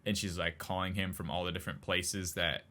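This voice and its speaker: A man's voice: sits low, fairly even intonation, a little fast, pushed and bright. A man co-hosting a casual podcast chat, rambling with lots of fillers and frequent laughs. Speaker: podcast co-host.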